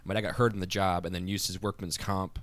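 A man with a Philadelphia accent, a podcast guest telling stories in a playful, animated way. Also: deep voice, fast talker, no room sound. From Philadelphia area. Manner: animated storyteller, playful, self-deprecating. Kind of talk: casual podcast chat.

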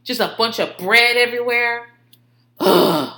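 A woman's voice: fairly high pitch, measured pace, reverberant. A woman hosting a podcast, telling stories in casual, profane chat and laughing often. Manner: profane, laughing, animated storytelling. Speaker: podcast host.

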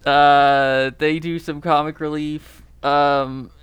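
A man co-hosting a casual podcast chat, talking in a halting, self-deprecating way with many ums and uhs. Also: a little high, flat delivery, a bit bright, clean tone, no echo. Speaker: podcast co-host.

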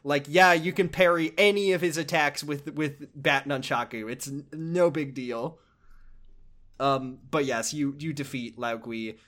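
A man casually recapping a video game plot with a co-host, excitable and often laughing. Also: on the high side, a little slow. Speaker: podcast co-host.

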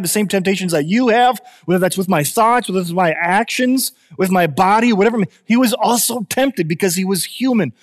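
A man in his thirties preaching a sermon as pastor, animated and conversational, with restarts and jokes. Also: high voice, in a large hall.

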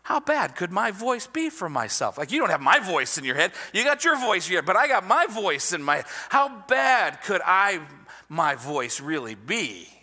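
A man preaching a sermon in an animated, conversational way, often checking in with his listeners. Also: sits high, moderate pace, big-room sound. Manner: animated, conversational, asks the audience "right?". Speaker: pastor.

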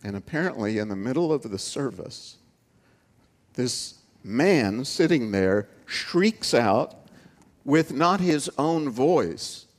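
A man preaching a sermon as pastor, deliberate and conversational, with asides to the congregation. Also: medium pitch, animated.

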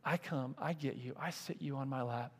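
A man preaching voices God in a soft, hushed, tender way. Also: mid-range voice, moderate pace, lightly acted. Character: gentle, loving God speaking to a man. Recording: long hall reverb.

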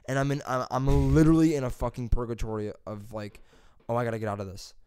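A young adult man in casual podcast chat, swearing freely and telling animated stories with big jumps in pitch. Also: quick pace, clear, resonant tone, dry recording.

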